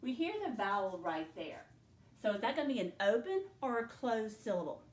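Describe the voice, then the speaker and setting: A woman's voice: mid-range voice, sing-song, fairly quick, distant mic. A woman teacher leading a spelling dictation lesson, patiently sounding out words letter by letter. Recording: echoey room, voice from the mic.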